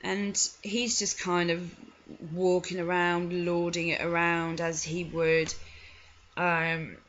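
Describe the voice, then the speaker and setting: A woman's voice: fairly low pitch, little pitch movement, slow, fairly bright tone, a little hiss or hum. A woman giving frank, chatty commentary on film clips, with disgusted asides. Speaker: video commentator. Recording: dull lo-fi recording.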